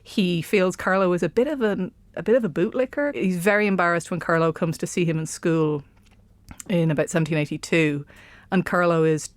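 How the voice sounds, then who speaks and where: A woman historian talks through the past in a chatty, aside-filled way, full of ums. Her voice is fairly low and recorded close and dry, with no room around it. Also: brisk, no room sound. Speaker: historian guest. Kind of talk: explaining history in casual chat.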